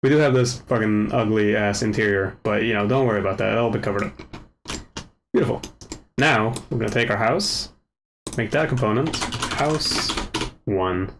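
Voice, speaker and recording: A man hosting a casual software tutorial, talking to himself as he works, joking at his own slips, on a desk microphone with the gain set too high. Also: moderate pace, a little hiss or hum. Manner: relaxed, self-mocking, mutters to himself while working. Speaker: tutorial host. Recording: overdriven mic with faint keyboard clicks.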